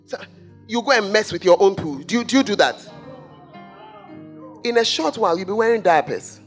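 A man's voice: high voice, big pitch swings, normal speed, faint music behind. A man preaching a sermon as pastor, scolding the congregation with rhetorical questions. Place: church.

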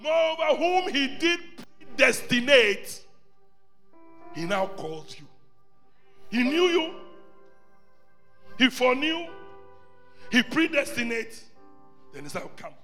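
A middle-aged man from Ghana, preaching a sermon as a bishop, emphatic and repetitive, moving between loud exclamations and quiet asides. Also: extremely high pitch, very animated, slow pace, pauses often. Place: church service hall. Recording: long reverb of a large hall, faint music.

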